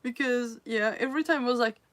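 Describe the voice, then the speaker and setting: A bright, fairly high-pitched woman hosts a livestream, talking a little fast in casual chat with viewers. French is her first language. She laughs often between phrases and hesitates, starting over as she searches for English words.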